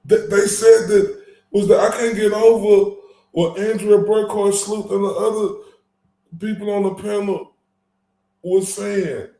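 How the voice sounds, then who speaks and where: A man's voice: sits high, fairly even intonation, unhurried, dark tone, roomy sound. A man hosting his own channel, giving heated, profane commentary with angry emphasis and frequent stumbling restarts.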